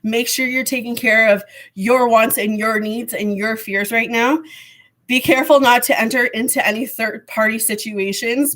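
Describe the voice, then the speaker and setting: A woman giving a live tarot reading to viewers, rambling and hesitant with many fillers, her voice going hoarse with frequent throat clearing. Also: medium pitch, fairly bright tone. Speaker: tarot reader.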